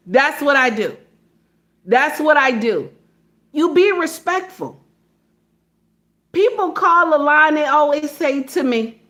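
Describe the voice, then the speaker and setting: A woman speaking in a casual monologue, blunt and animated, acting out phone calls and driving points home with repeated "okay?". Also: high-pitched, a little slow. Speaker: social media commentator.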